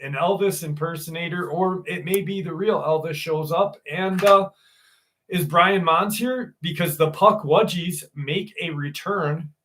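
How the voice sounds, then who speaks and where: A man hosts a live stream and tells a rambling story in an unhurried, drawn-out way. His voice is bright and forceful, and he swears and laughs often between lines. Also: on the high side. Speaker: host. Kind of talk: casual live-stream chat.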